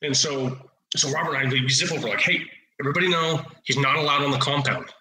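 A man in his forties from Oregon, a podcast guest and retired officer, telling lively anecdotes in a casual, blunt, salty way. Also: mid-range voice, fast talker, reverberant, rough recording. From Oregon, USA. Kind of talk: casual storytelling.

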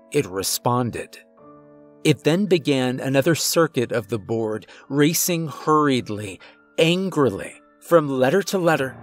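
A man reading a scripted first-person horror story in a measured, suspenseful way. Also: mid-range voice.

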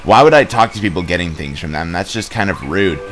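Low-voiced young man rambling through a game. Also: animated, fast, a bit bright. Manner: rambling and joking, with many fillers and restarts. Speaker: let's play gamer. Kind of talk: casual game commentary. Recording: game music playing behind.

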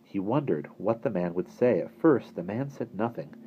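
A man with a husky voice narrating a children's novel in a lively storytelling manner. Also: lowish voice, moderate pace, muffled recording, slight background noise. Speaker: audiobook reader.

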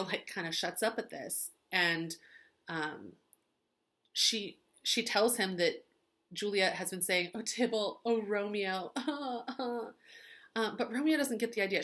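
A young woman teacher gossiping her way through a story recap. She sounds chatty and sarcastic, with plenty of "like" and "um" between her points, and her voice sits at a middle pitch. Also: a bit bright.

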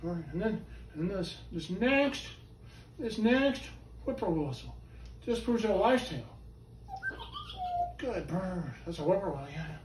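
A man performing a live show with his talking bird, coaxing it loudly and often yelling his patter. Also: sits high, animated, a little slow, long pauses, slight background noise. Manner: loud, coaxing and prone to yelling. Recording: echoey room from far off.

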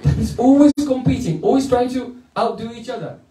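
A man's voice: extremely high pitch, brisk, mellow. Male teacher, playful storyteller, chants verses; roomy, off-mic sound. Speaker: spiritual teacher. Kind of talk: devotional lecture with chanting. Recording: echoey room, mic at a distance.

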